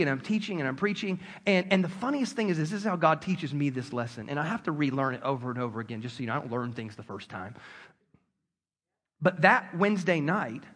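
Brief: male pastor, high voice, storytelling sermon, swings loud to hushed, reverberant sanctuary.

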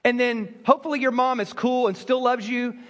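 A pastor from South Carolina preaches to his congregation in a very high, fairly even voice at a fairly quick clip, telling funny stories and acting out the quotes. The long reverb of a large hall surrounds him.

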